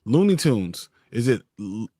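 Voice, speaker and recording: A man's voice: medium pitch, very animated, unhurried, dark tone, no echo. A man co-hosts a casual live podcast stream and quizzes the others in a playful way. His voice moves up and down a lot. The recording is dry and close. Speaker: podcast co-host.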